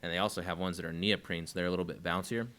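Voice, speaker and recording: A man hosting a podcast, chatting casually and thinking out loud with lots of fillers. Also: low-pitched, fairly even intonation, racing. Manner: rambling, thinks aloud with many fillers. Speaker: podcast host.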